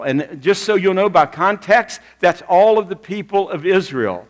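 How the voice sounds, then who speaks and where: Male pastor, conversational sermon storyteller, somewhat high voice, reverberant sanctuary. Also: expressive, measured pace, few pauses. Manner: conversational storytelling, direct questions to the congregation. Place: church sanctuary with a congregation. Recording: long reverb of a church hall.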